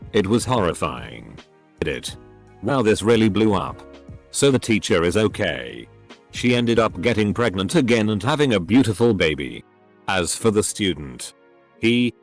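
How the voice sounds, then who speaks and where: A man with a low voice reads posts aloud in steady, scripted narration. His pitch moves a lot, which gives the reading a lively lilt. Soft music plays faintly underneath.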